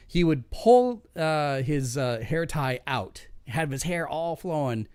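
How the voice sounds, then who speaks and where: On a casual podcast, a man rambles through a profane story about work, his pitch swinging from low grumbles to sudden high bursts as he restarts sentences and laughs at his own punchlines. He's animated but takes it slowly, with a darkish, clear, resonant tone. The recording is dry, close on the mic, with no room sound.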